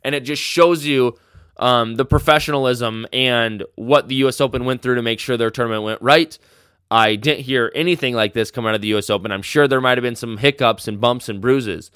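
A man's voice: medium pitch, brisk, a bit bright, clean tone, no echo, clean studio sound. A man hosting a solo sports podcast, ranting passionately. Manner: passionate, fired-up rant. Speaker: podcast host.

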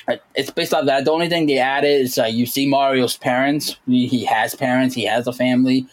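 A man co-hosting a casual podcast chat, animated and jumping into high voices when he quotes people. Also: poor audio. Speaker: podcast co-host.

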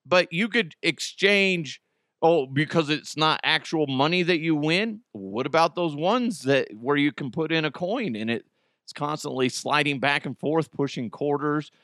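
A man hosting a podcast alone, chatting casually in an animated, profane, rambling way. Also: a little high, measured pace, no echo, studio quality. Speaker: podcast host. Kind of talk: casual solo podcast chat.

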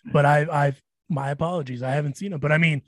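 A man co-hosts this podcast with a joking, easygoing manner, often stumbling and restarting his sentences. His voice is slightly high, and the sound is dry and close. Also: steady tone, fast, dry recording. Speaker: podcast co-host. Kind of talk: casual interview.

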